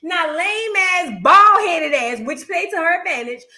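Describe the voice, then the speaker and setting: A woman hosting a reaction show, giving blunt, profane, animated commentary in a casual way. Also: extremely high pitch, measured pace.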